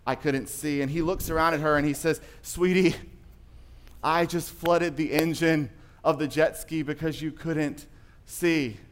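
A man's voice: fairly high pitch, fairly even intonation, unhurried. Conversational man preaching. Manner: conversational storytelling, rising to emphatic passages. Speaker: pastor. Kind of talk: sermon.

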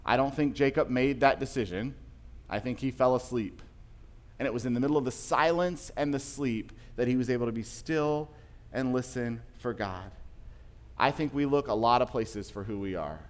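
A man's voice: medium pitch, moderate pace. Conversational man preaching. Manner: conversational storytelling, rising to emphatic passages. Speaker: pastor. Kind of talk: sermon.

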